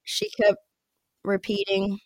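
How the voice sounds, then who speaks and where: A woman's voice: medium pitch, little pitch movement, slow, a little mellow, dry recording, studio quality. An American woman talking as a podcast guest, chatty and rambling, with frequent fillers and laughs. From United States. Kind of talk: casual interview chat.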